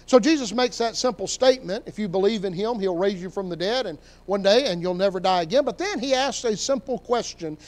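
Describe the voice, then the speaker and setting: A man preaching as pastor, reading scripture aloud and swinging between emphatic rises and quiet drops. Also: sits high, a little fast, few pauses. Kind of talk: sermon.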